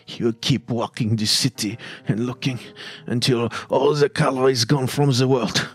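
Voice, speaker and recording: A man's voice: medium pitch, steady tone, normal speed, breathy edge, soft background music, voice pushed up, lightly acted. A man voicing a frightened, paranoid man raving warnings through a door in a tabletop game. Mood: frantic.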